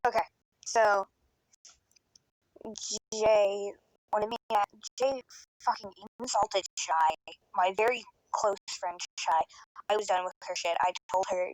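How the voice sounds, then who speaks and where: A woman's voice: medium pitch, steady tone, takes it slowly, long pauses, no room sound, low-quality recording. Young woman rambling through a tearful storytime. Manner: emotional, rambling, swears a lot. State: tearful at times. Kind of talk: casual storytime monologue. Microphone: phone recorder.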